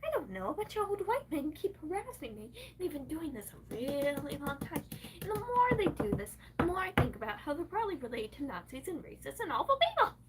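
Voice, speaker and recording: A woman's voice: sits high, big pitch swings, a little fast, distant mic, noisy background. A woman livestreaming, venting in an angry, profane rant.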